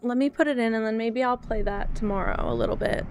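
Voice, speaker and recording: A woman's voice: on the high side, fast, a little mellow, slight background noise. A young woman streamer chatting casually to her viewers, frustrated and self-critical as she talks through her troubles. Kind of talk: casual live-stream chat.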